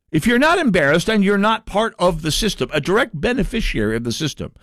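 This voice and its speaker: A man hosting a political talk radio show, delivering a sarcastic, mocking monologue with sudden jumps in pitch for emphasis. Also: a bit bright, dry recording, studio quality.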